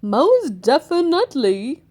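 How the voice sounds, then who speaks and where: A woman's voice: high voice, sing-song, takes it slowly, a little mellow, full character voice. A woman voicing a playful, jolly old grandfather pig in a storybook read-aloud.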